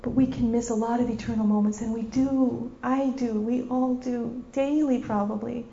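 A woman's voice: a little high, steady tone, moderate pace, gravelly, mellow, a little hiss or hum. Impassioned woman preacher, lo-fi. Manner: impassioned, repetitive, acts out scenes. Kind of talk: sermon. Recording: dull lo-fi recording.

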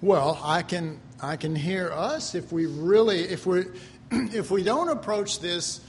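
A man's voice: high-pitched, takes it slowly, a little hiss or hum. A male pastor preaching a sermon in a folksy, conversational way, telling stories and acting out voices. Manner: acts out quoted voices.

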